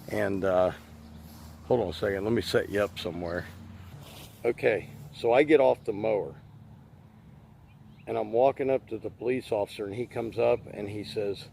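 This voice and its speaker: A man who owns a lawn care business and hosts a channel tells a story casually to camera, talking straight to viewers and calling them guys. His lowish voice is creaky with a darkish tone, over a little hiss or hum.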